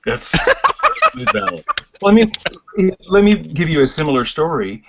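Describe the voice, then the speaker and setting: A man's voice: a little high, huge pitch swings, slow, very noisy. A man chatting casually on a podcast, telling wry stories about office life. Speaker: podcast guest, game designer. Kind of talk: casual chat. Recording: muffled lo-fi podcast audio.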